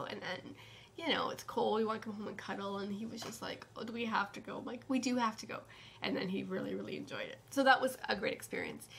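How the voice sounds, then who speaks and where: A woman's voice: on the high side, vocal fry, a bit bright, breathy edge. A woman hosting a knitting podcast in casual chat, rambling and often dropping to a whisper.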